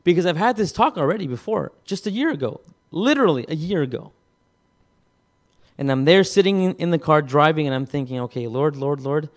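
A man preaching, telling a personal story in a halting way, with many repeated words and restarts. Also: a little high, expressive. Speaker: pastor. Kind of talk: sermon testimony.

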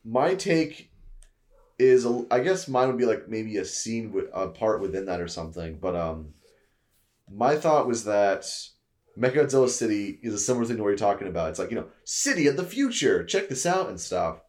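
A man's voice: very animated, moderate pace, darkish tone. A man co-hosting a podcast, loosely talking through a story idea with hesitations and fillers. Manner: loose, hesitant pitching with "you know" and "like". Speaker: podcast co-host. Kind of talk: casual chat.

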